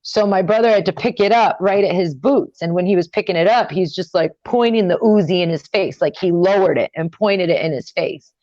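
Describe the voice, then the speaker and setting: A woman's voice: a little fast, few pauses, no echo. Chatty young woman, dry lo-fi sound. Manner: animated, many fillers, rising high when upset. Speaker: interview guest. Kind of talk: casual storytelling.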